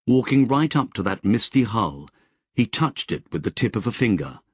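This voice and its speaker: A man narrating an audiobook in a measured, expressive storytelling manner. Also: on the low side, husky, no room sound, studio quality. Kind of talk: scripted narration.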